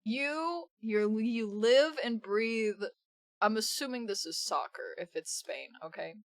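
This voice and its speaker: Animated, expressive woman streamer. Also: on the high side, slow pace, no room sound, clean studio sound. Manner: animated, swears a lot, bursts into laughter. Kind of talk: casual live-stream commentary.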